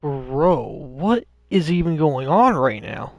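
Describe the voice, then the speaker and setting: Male game streamer, gravelly, higher voice, irritated rambling commentary, dry close mic, faint music behind. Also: animated, takes it slowly, a little mellow, dry recording. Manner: frustrated, swearing, rambling. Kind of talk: live gameplay commentary.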